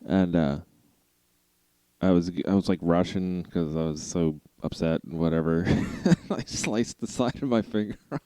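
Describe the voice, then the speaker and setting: A man's voice: sits low, a little slow, dark tone, no echo. A man co-hosting a car podcast, telling rambling stories in a laid-back way and laughing often. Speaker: podcast co-host. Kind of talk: casual chat.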